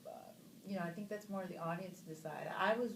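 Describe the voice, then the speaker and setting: A lively, low-voiced woman in her thirties chats at a press junket, spinning anecdotes with lots of fillers and sudden high squeals of mock surprise. The room is echoey, with faint noise behind her. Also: fast talker. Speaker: actress interviewed about a film. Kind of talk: casual press junket interview.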